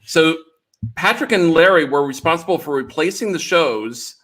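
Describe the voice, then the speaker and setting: A man's voice: fairly high pitch, animated, normal speed, fairly bright tone. A man from Dallas co-hosting a live-streamed chat show, rambling enthusiastically through notes and clips. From Dallas, Texas. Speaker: co-host and producer. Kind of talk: casual livestream chat.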